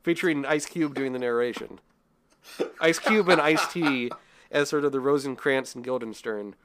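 A man's voice: medium pitch, normal speed, noisy background. Man, podcast co-host, casual film chat, rambling, laughs at himself. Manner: rambling, self-deprecating, giggly.

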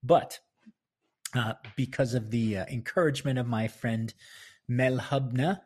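A man talks into a close podcast mic in his home office, hosting a relaxed solo show. His voice is a bit husky and sits at an ordinary pitch. He rambles in a chatty, self-deprecating way and laughs often. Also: a little slow. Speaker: podcast host. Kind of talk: casual solo podcast talk.

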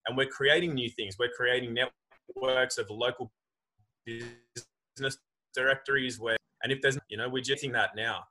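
Man, bright clear tone, animated, casual talk. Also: mid-range voice, moderate pace, low-quality recording. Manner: animated, acts out quoted voices. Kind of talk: casual conversation.

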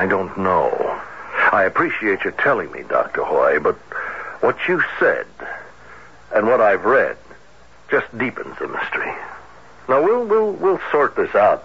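A deep-voiced, probing police captain. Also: male voice, husky, exaggerated voice. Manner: brisk, questioning, plainspoken. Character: probing middle-aged male police captain. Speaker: police detective. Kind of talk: old-time radio drama acting. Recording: dull lo-fi radio broadcast with faint hiss.

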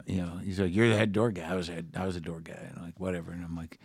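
Low-voiced man telling a rambling story. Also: little pitch movement, very fast, husky, dry recording, clean studio sound. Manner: rambling, profane, lots of fillers. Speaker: guest comedian. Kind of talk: casual storytelling chat.

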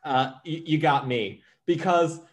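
A man co-hosting a film discussion podcast, talking in a measured, deliberate way as he builds his points. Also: fairly high pitch. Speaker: podcast co-host.

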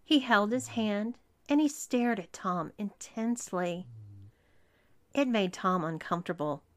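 A woman narrating an erotic story in a slow, unhurried read. Her voice sits a little high for a woman, and she keeps her delivery even and measured throughout. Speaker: erotica reader.

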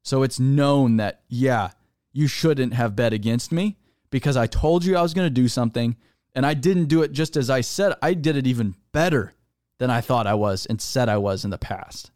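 A man's voice: mid-range voice, moderate pace, a little mellow, smooth, no room sound, studio quality. A man hosting his own solo podcast, talking in a fired-up, emphatic way, swearing and repeating words for stress. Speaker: podcast host.

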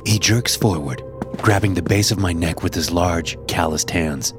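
A man narrating a first-person horror story in a hushed, somber manner. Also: low voice, normal speed. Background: music.

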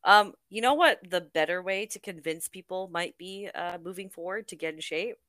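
A woman co-hosting a podcast, blunt and teasing, with crude jokes. Her voice is lowish yet bright and sharp. It is recorded close and dry. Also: moderate pace, no room sound. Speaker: podcast co-host. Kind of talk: casual podcast chat.

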